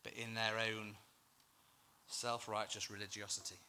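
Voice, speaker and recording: A man's voice: lowish voice, level tone, unhurried, sharp tone, slight background noise. A male church minister preaching a sermon in an earnest, emphatic, self-deprecating way.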